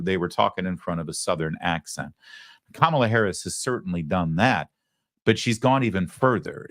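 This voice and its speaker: A man's voice: low-pitched, no echo, studio quality. A man hosting a political talk show, delivering opinionated commentary in a sarcastic, mocking, emphatic way.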